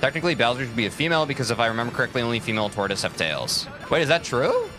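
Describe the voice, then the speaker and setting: A young man streams a speedrun and chats casually with his viewers, answering their messages and swearing freely. His medium-pitched voice is sing-song and rapid-fire, with music in the background.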